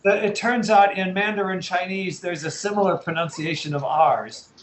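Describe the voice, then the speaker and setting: A fairly high-voiced American man leads an online English lesson, patiently breaking words into syllables and spelling them out. His voice carries the echo of a bare room over a call, with faint noise underneath. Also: moderate pace. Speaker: English teacher. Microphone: video call.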